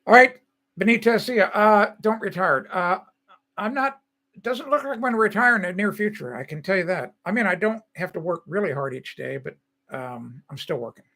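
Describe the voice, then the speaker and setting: A man's voice: high-pitched, expressive, a little fast, bright, forceful tone. An older man hosting a live stream, talking casually in a chatty, rambling and opinionated way, with frequent restarts. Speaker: host.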